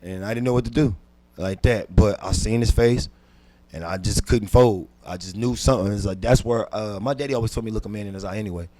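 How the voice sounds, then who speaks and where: A man, a comedian guest on a podcast, telling a personal story intensely and dropping from hushed to loud, with frequent repeats and restarts. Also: lowish voice, a little fast. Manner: repeats words and restarts while recounting.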